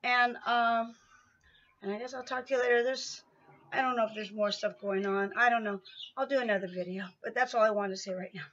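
A woman's voice: a little high, steady tone, brisk, fairly bright tone, lo-fi sound, slight background noise. A woman chatting in a casual vlog update while pedaling an exercise bike at home, slightly out of breath and rambling with many fillers. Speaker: vlogger.

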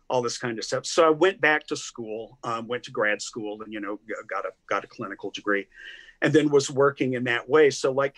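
A man's voice: mid-range voice, a bit bright. An older man from Tennessee with a Southern accent, a guest critic telling stories in a casual interview with frequent restarts. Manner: chatty storyteller, many restarts and laughs. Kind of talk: casual video-call interview.

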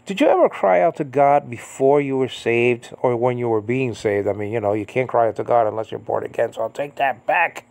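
A man in his fifties, from Puerto Rico, teaches scripture in a loose, conversational way. His voice has a gravelly fry at mid pitch. He rambles with many fillers and leaps sharply upward in pitch when he drives a point home. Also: a little fast, hardly any pauses, a little mellow. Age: 50s. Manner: rambling, full of "I mean, you know"; rises to a high, emphatic pitch when stressing a point. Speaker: Bible teacher. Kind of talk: informal Bible teaching.

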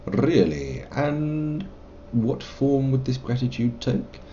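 A man's voice: medium pitch, big pitch swings, slow, dark tone, muffled recording, a little hiss or hum. A man streaming a game live, musing and rambling about his choices and reading dialogue options aloud with some self-mockery. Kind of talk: live let's play commentary.

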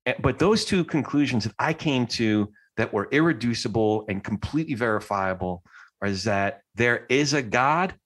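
A man's voice: medium pitch, lively intonation, normal speed, a bit bright. A man hosting a podcast interview, speaking thoughtfully with some hesitant restarts. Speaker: podcast host.

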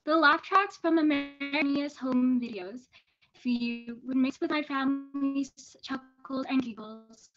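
A teenage girl reading an excerpt of her personal essay aloud at a student reading, earnest and steady with small restarts. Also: high-pitched, unhurried, soft background music. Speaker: student reader. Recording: dull lo-fi sound.

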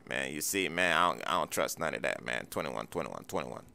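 A man's voice: rumbling low, expressive, a little fast, vocal fry, bright, forceful tone. A man talking suspiciously and teasing in slang during game roleplay.

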